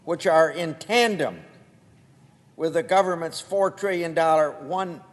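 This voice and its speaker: An older male senator reads a formal speech at a very unhurried pace, stopping to set off each quote. His voice sits a bit higher than most men's and rings with the long reverb of a big legislative chamber. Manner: slow, deliberate, halting delivery with marked quotes. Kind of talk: formal floor speech read from documents. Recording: long reverb of a large hall.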